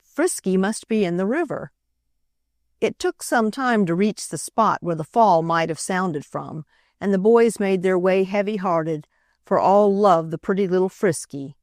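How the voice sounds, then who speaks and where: A woman's voice: medium pitch, animated, measured pace, a little mellow, no echo, clean studio sound. Woman reading a children's classic. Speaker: audiobook narrator. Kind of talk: storybook narration.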